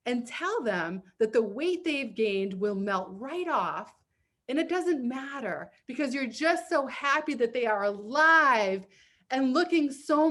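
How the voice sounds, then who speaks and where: A bubbly woman with a Boston accent hosts a comedy therapy show from a video call, bright in pitch and quick to laugh. She leads a playful word game and reads aloud with gusto. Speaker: host.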